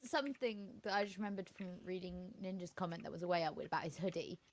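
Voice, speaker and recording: A British woman co-hosting a casual podcast chat, talking fast and laughing often as she retells a story. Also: lowish voice. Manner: chatty, laughs often, quotes people in animated voices. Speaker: podcast co-host.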